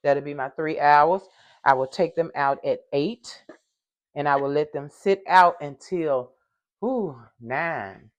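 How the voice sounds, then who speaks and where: A woman's voice: deep voice, slow, highs cut off. Chatty older woman baking at home. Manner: chatty, talks to viewers as y'all, hums while working; loud at times, apologizes for yelling into the mic. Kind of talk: casual cooking vlog. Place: home kitchen. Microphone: microphone.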